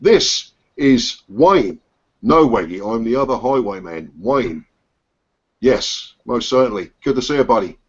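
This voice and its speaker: At medium pitch and normal speed, a Suffolk man from England speaks expressively as he hosts a casual biker hangout by video call. He rambles, restarting and filling pauses often, over muffled lo-fi call sound.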